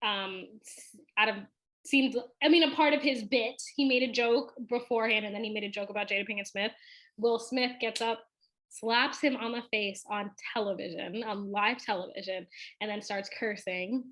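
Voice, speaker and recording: A woman's voice: medium pitch, fairly even intonation, moderate pace, fairly bright tone. A woman co-hosting a casual chat show who speaks earnestly, leads the topics, and often trails off and restarts. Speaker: podcast co-host.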